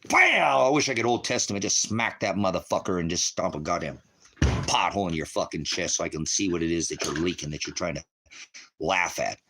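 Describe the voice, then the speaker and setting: A man's voice: low voice, fairly quick, fairly bright tone. A man hosting a ministry livestream, ranting profanely and agitatedly at his viewers as brothers and sisters.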